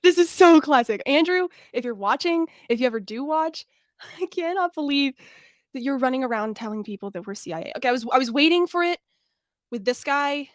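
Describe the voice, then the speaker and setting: A woman's voice: high voice, lively intonation, brisk, no room sound, clean studio sound. Breathless, blunt young woman streamer. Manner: blunt, self-deprecating, laughing. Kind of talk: casual chat.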